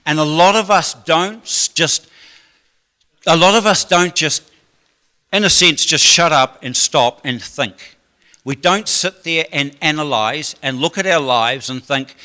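A man delivering a sermon in a loose, conversational way, full of asides and quips. His voice sits a bit high and rings bright and forceful. The sound carries a long reverb, as if from a big church hall. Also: lively intonation, normal speed. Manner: chatty, rambling, joking asides. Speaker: pastor.

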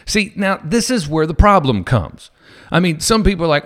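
A man's voice: a little high, normal speed. A man who is a police officer, telling a story to viewers in a casual way and acting out the people in it. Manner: animated, acts out quoted people.

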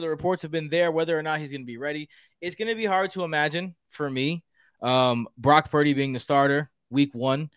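A man's voice: fairly high pitch, a bit bright, no echo. Chatty man with a dry close sound. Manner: chatty, many fillers and restarts. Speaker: podcast co-host. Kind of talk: casual fantasy football talk.

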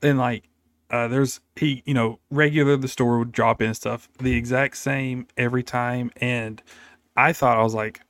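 A man's voice: medium pitch, fairly even intonation, normal speed, a bit bright, no echo. A young man, co-host of a gaming podcast, telling a story in casual chat and laughing often.

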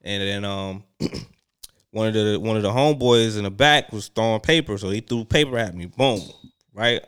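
A man telling a school story in casual chat, animated and laughing, acting out the people he quotes. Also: fairly low pitch, moderate pace, clean tone. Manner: animated, acts out voices in quoted lines, laughs often.

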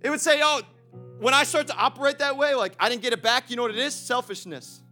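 Faint music sits behind a young pastor whose voice is extremely high and whose pace is quick. Preaching to his congregation, he's lively and direct, shifting from booming calls to gentle storytelling and laughing often.

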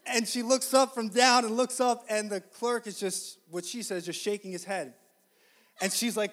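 A man preaching a sermon, telling a story conversationally to the congregation and building to loud, emphatic preaching. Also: high-pitched, normal speed. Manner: conversational, addresses the congregation directly.

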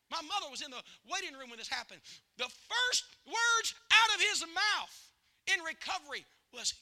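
High, bright-voiced man preaching a fervent sermon. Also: expressive, fairly quick. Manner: builds from quiet storytelling to shouted preaching. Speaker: guest preacher. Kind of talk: revival sermon with storytelling. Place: church sanctuary.

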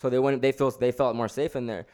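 A man's voice: mid-range voice, flat delivery, quick pace, darkish tone. A man telling a story in casual chat, rambling with lots of slang and restarts.

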